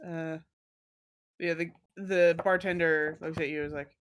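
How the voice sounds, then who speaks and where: Slow, halting woman game master. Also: low voice, fairly even intonation. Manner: halting, with many fillers. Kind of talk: narrating a tabletop game.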